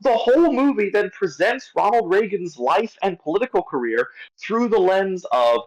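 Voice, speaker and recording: A man on a casual podcast, picking apart a film with mounting exasperation. His pitch leaps around lively as he restarts sentences mid-thought. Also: moderate pace, muffled recording. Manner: animated, exasperated rant with many restarts. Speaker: podcast movie critic.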